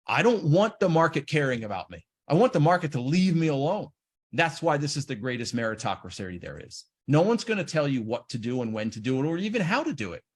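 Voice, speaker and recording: A man giving an animated seminar talk on trading, acting out the inner voices of traders. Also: a little high, brisk, breathy edge. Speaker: trading educator.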